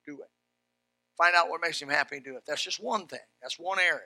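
A middle-aged pastor preaching a sermon, telling folksy stories with animated rises and shouts. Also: male voice, on the high side, quick pace, no echo.

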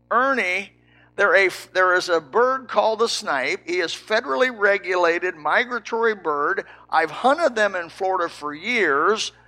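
An older man, a preacher from Indiana, telling a folksy story with lively quoted dialogue. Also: high voice. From Indiana, United States. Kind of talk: storytelling sermon.

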